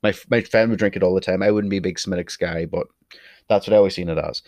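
A man's voice: low voice, steady tone, fast talker, darkish tone, dry recording. Irish man, young, blunt and opinionated, swears freely, casual vlog talk, dry close sound. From Ireland. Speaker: video creator. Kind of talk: casual to-camera monologue.

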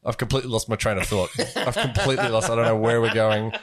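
A man's voice: mid-range voice, steady tone, quick pace. A man, co-hosting a podcast, telling a rambling, laughing story with plenty of swearing. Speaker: podcast co-host. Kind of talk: casual chat, storytelling.

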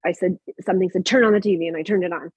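A woman's voice: fairly low pitch, steady tone, racing, darkish tone, breathy edge, no echo. A woman casually telling personal stories about her spiritual practices, rambling with many restarts and fillers. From Mexican heritage, living in Canada. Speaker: guest sharing personal spiritual experiences. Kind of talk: casual conversational storytelling. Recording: dry, tinny phone-like sound.

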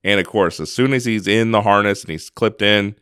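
A man's voice: lowish voice, fairly quick, fairly bright tone, smooth, no room sound, studio quality. A man co-hosting a podcast, telling a personal story in an earnest, casual way, often restarting his sentences. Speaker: podcast co-host.

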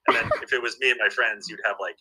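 A man's voice: fairly low pitch, steady tone, fast talker, pushed and bright, a little hiss or hum, low-quality recording. A man chatting casually as a guest, telling stories with lots of fillers and restarts. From Southern California. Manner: enthusiastic storyteller, many fillers and restarts. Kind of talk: casual chat.

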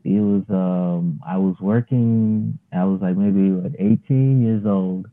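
Very deep-voiced man on a phone line. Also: slow pace. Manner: laid-back, rambling with many fillers. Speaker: guest, yoga practitioner. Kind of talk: casual storytelling interview.

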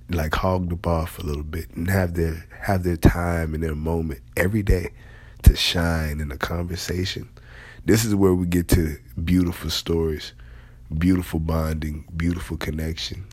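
A man's voice: low voice, darkish tone, husky, no room sound. A man giving a conversational motivational talk to leaders, emphatic and repeating key phrases. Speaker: motivational speaker.

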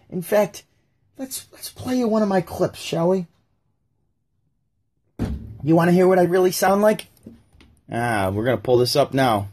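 A man's voice: fairly high pitch, darkish tone, husky. A man hosting a casual livestream, talking in a rambling way and acting out the people in his stories. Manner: rambling, acts out voices of people in anecdotes. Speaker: live-stream host.

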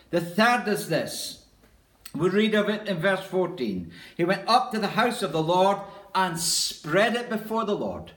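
A man's voice: high-pitched, a bit bright. A man preaching a sermon as pastor, earnest and emphatic, repeating key phrases for weight. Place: church. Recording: echoey church room.

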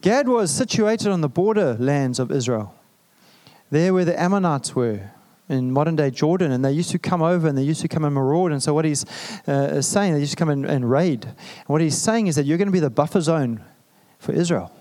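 A man's voice: a little high, animated, fairly quick, mellow. A man preaching a sermon in a conversational, humorous way, with jokes and asides to the congregation. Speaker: pastor.

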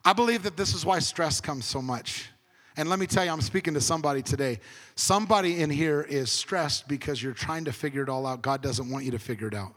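A man preaching a conversational sermon as pastor, swinging between emphatic and hushed. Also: fairly high pitch, long reverb tail.

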